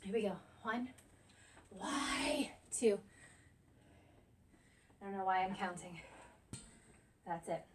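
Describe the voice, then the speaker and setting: A woman's voice: medium pitch, slow pace, pauses often, slight background noise. A woman in her thirties leading a workout while doing it, counting down reps and cheering between breaths. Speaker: fitness instructor. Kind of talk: coaching a workout while exercising. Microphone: camera on a tripod at a distance. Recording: voice from a distance.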